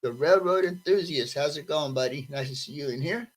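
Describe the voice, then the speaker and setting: A man's voice: on the high side, a little fast, rough recording. A man hosting a live stream, greeting his viewers one by one by name in a friendly, casual way. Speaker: livestream host greeting chat. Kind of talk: casual livestream chat.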